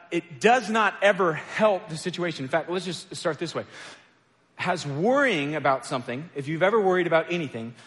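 A man's voice: fairly high pitch, a bit bright. Man preaching casually in an echoey hall. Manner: conversational, self-deprecating storytelling with many fillers. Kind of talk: casual sermon. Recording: echoey hall with long reverb.

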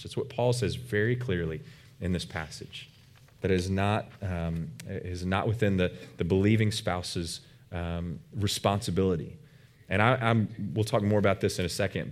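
A man's voice: sits low, darkish tone. A man preaching a sermon as a pastor, earnest and emphatic, with frequent fillers and restarts.

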